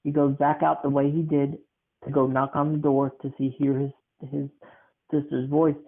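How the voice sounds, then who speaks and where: A man's voice: on the high side, moderate pace. A young man co-hosting a podcast with his grandmother, telling a spooky story and chatting casually with lots of fillers. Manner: relaxed, many fillers, dramatic "dun dun dun". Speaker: podcast co-host. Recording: tinny phone-like sound.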